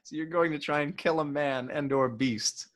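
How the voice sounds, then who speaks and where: A man's voice: a little high, moderate pace, fairly bright tone. A man co-hosting a podcast in casual chat, laughing often and exclaiming. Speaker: podcast co-host.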